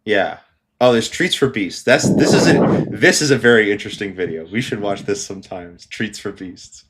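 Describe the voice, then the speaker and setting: A man's voice: lowish voice, normal speed, very noisy. A man co-hosting a podcast in casual chat, rambling with lots of fillers, swearing and laughing often. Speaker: podcast co-host.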